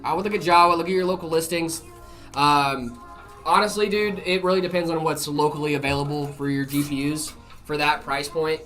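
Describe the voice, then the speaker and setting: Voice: medium pitch, fairly even intonation, a little fast, fairly bright tone, faint music behind. A livestream host who chats casually while answering viewer questions about PC hardware, loose and filler-heavy, reading chat aloud.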